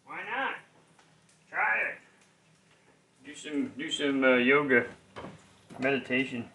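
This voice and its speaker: A man's voice: medium pitch, lively intonation, takes it slowly, bright, forceful tone, slight background noise. A man streaming live and chatting casually, rambling, swearing offhand and chuckling between remarks. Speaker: livestream host. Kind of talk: casual chat. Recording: echoey room, mic at a distance.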